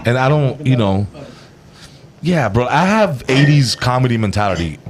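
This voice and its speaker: A man's voice: mid-range voice, lively intonation, moderate pace, a crowd in the background. A man, a guest comedian on a casual podcast, telling stories animatedly, acting out other people's voices and swearing freely.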